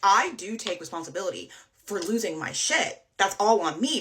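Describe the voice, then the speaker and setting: A woman's voice: on the low side, animated, quick pace. Casual young woman telling a storytime. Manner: conversational, peppered with "like", swears casually.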